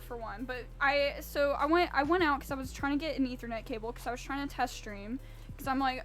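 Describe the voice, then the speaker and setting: A woman's voice: sits high, steady tone, a little fast, a bit bright. A woman streamer rambling casually and swearing freely while baking in her home kitchen. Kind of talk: casual live-stream chat.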